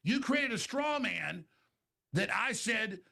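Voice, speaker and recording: A man's voice: high voice, animated, slow pace, vocal fry, sharp tone. A man in a heated online debate, talking over the other side and jumping between tangents.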